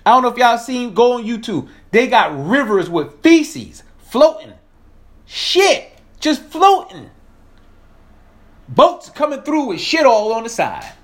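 Heated man with a high voice. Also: very animated, normal speed, few pauses. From American South. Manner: heated, profane, emphatic. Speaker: political commentator. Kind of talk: ranting monologue.

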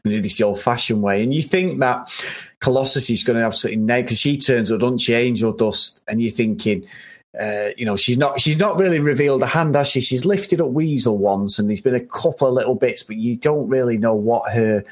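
Bloke rambling excitedly about a film, loads of ums and you knows, mid pitch. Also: male voice, brisk. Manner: rambling, many restarts and fillers, enthusiastic. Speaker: film review podcast co-host. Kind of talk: casual chat.

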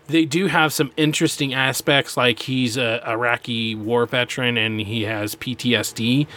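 A man co-hosting a podcast, his voice sitting a little higher than most men's. He talks in a loose, rambling way, trailing off and laughing often as he chats casually. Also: bright, forceful tone. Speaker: podcast co-host. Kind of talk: casual chat.

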